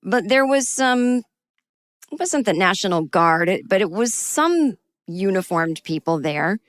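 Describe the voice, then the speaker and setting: A woman hosting a solo podcast, telling a personal story in a wry, self-deprecating and animated way. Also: medium pitch, unhurried, dry recording, clean studio sound. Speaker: podcast host and comedian.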